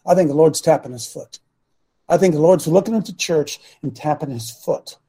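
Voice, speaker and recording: A man hosting a talk show as a coach, preaching with passion and at times shouting. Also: fairly high pitch, moderate pace, breathy edge. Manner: impassioned, swings to shouting. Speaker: host and coach.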